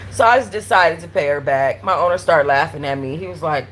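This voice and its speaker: A woman hosting a live stream from her apartment, telling animated, slangy stories with blunt cursing. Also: sits low, a little fast, hardly any pauses, slight background noise, poor audio. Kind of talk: casual live-stream chat. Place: at home in an apartment.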